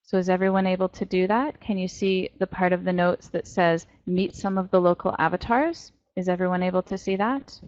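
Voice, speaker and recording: A middle-aged woman teaching a French class online, encouraging and drilling pronunciation slowly. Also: on the low side, darkish tone, dry recording. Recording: dull, dry lo-fi audio.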